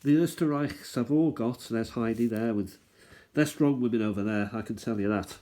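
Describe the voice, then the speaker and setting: A man's voice: medium pitch, moderate pace, mellow. A man hosting a stamp collecting channel, rambling and thinking aloud as he chats casually through what he's showing. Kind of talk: casual show-and-tell chat.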